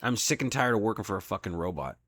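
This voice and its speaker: A man's voice: fairly low pitch, expressive, quick pace, a bit bright, slightly rough, dry recording, studio quality. A man, a delivery driver, venting in an angry, profane solo rant about his job. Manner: profane, heated, frustrated.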